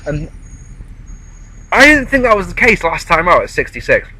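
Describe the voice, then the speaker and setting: A man's voice: high-pitched, very animated, normal speed, bright, forceful tone, breathy edge, rough recording. A man chatting casually outdoors in a park, rambling through a wrestling show review. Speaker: wrestling vlogger.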